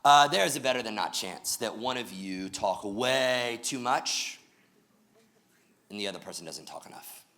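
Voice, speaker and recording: A man with a bright, forceful voice delivers a lively sermon to his congregation. He speaks directly and with energy, dropping in quick jokes as he goes. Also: lowish voice. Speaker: pastor.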